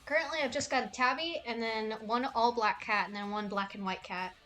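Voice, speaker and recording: A woman's voice: on the high side, a little fast, sharp tone, soft background music. A young woman streaming casually, rambling and cooing affectionately at cats in a game. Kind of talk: casual livestream chat.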